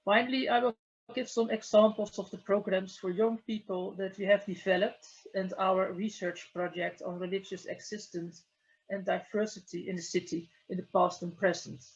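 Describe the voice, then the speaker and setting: A woman, a museum curator, giving a measured, structured talk in an online conference session. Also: mid-range voice, flat delivery, slightly rough. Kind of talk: conference presentation. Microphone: video call. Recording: dull lo-fi call audio.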